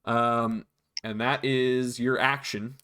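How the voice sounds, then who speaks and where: A man's voice: medium pitch, slow, smooth. Casual man running a tabletop game. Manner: relaxed, frequent ums and restarts. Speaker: dungeon master.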